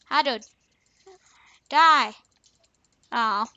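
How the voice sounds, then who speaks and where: Bright high-voiced young woman gaming. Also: very slow, no room sound, highs cut off. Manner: playful, chatty, repeats taunts at other players. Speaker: gaming channel host. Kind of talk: casual gameplay commentary.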